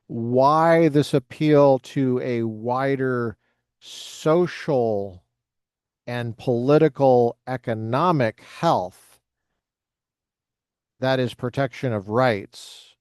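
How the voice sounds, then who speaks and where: Male lecturer, mid-pitched, reads text aloud and breaks off for dry jokes. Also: very slow, darkish tone, clear, resonant tone, dry recording. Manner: reads passages with joking asides. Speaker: lecturer reading from a history book. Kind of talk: reading aloud with commentary.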